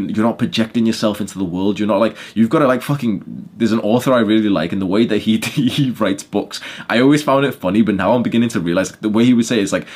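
A young man hosting a podcast, giving blunt motivational talk full of swearing and fillers, often getting loud. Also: lowish voice. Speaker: podcast host.

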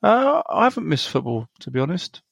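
A man's voice: a little high, sing-song, a little fast, creaky, dry recording, studio quality. A man co-hosting a podcast, talking casually and hesitantly with plenty of ums. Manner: hesitant, full of ums and uhs. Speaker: podcast co-host. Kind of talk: casual chat.

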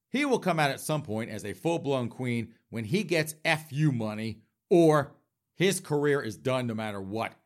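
A man in a campy, flamboyant comedic rant, mock-indignant, talking straight to his audience with laughing asides. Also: mid-range voice. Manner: frequent laughing asides and direct audience address. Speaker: comedic commentator host.

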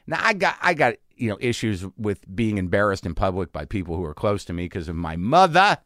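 A man hosting a podcast, telling a story in a casual, animated way and acting out the people in it. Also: lowish voice, brisk, no room sound, studio quality. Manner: animated, acts out the people in his stories. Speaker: podcast host. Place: home garage studio.

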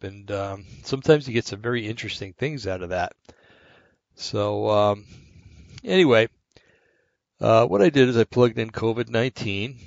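A man's voice: fairly low pitch, dry recording. Short-of-breath man with a shaky voice. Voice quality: slightly shaky voice. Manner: meandering, many fillers and asides. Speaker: podcast host. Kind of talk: rambling casual monologue. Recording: dull, lo-fi and dry.

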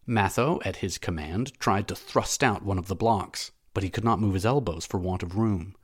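Low-voiced man narrating an audiobook. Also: moderate pace, few pauses, husky. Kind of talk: audiobook narration of a classic novel.

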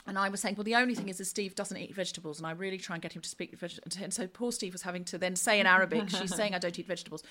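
A middle-aged woman with a bright, clear tone, chatting away as a guest. She tells her stories in a lively, rambling way, full of asides and restarts. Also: medium pitch, rapid-fire, few pauses. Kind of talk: casual chat.

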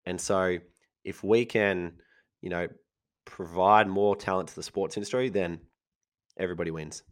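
A man with a husky voice, chatting casually as a podcast co-host and laughing often. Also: low voice, fairly even intonation, normal speed. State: husky voice from illness.

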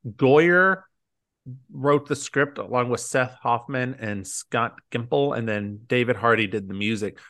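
A man's voice: medium pitch, a little slow, a bit bright. A man co-hosting a podcast, recapping a movie in loose casual chat, full of "like" and acted-out quotes. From United States. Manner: rambling, many "like"s, acts out quotes. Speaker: podcast co-host.

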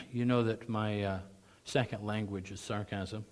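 Animated male preacher, throat clearing. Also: fairly low pitch, slow pace. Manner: animated, voice rising to mock sarcasm, frequent throat clearing. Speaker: pastor. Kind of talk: sermon.

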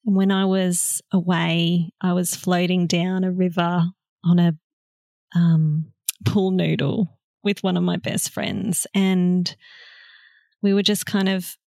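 Woman, low gravelly voice, unhurried, soft heartfelt reflection, dry close sound. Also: steady tone, no room sound. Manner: soft, slow and heartfelt, with long pauses. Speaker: guest, motherhood facilitator. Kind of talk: slow reflective conversation.

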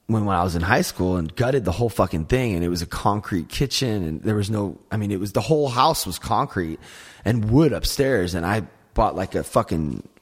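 Man, husky voice, lowish pitch, casual chat, rambling, profane, filler-heavy. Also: expressive, a little fast.

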